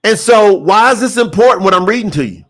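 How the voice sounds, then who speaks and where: A man preaching an impassioned sermon, repeating phrases for emphasis and reading scripture slowly. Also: high voice, expressive, fairly bright tone. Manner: reads scripture slowly, word by word. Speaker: preacher promoting a scripture translation.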